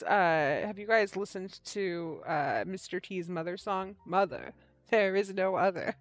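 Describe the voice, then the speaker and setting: Here a woman hosts a knitting livestream, her voice sitting at medium pitch with no room sound around it. She's an animated storyteller, chatting casually and laughing often.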